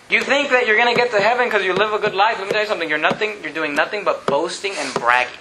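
A man's voice: high-pitched, quick pace, roomy sound, noisy background. A man preaching a sermon, emphatic and full of rhetorical questions. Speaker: pastor.

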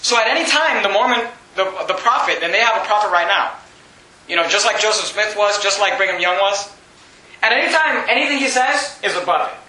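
A man preaching a sermon in an animated, mocking way, often laughing as he talks. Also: sits high, a little fast, roomy sound, rough recording.

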